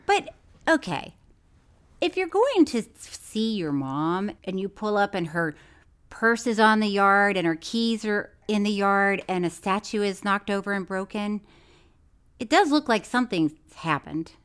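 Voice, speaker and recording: A woman co-hosting a podcast, chatting in an animated, incredulous and teasing way. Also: mid-range voice, measured pace, clean tone. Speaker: podcast co-host. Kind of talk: casual chat.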